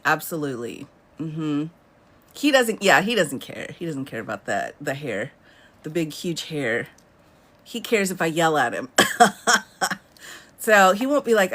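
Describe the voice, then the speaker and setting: A woman's voice: sits low, expressive, normal speed, fairly bright tone. A woman in her thirties hosting a casual live stream from home, chatting and laughing often as she answers viewer comments. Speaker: livestream host.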